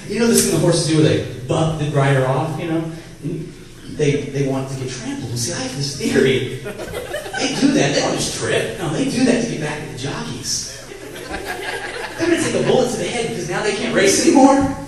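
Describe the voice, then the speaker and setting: A man in his late twenties doing a stand-up comedy set, animated and breaking into loud character bits. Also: a little high, brisk, crowd noise. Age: 20s. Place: comedy club stage with live audience. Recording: echoey room from far off, audience.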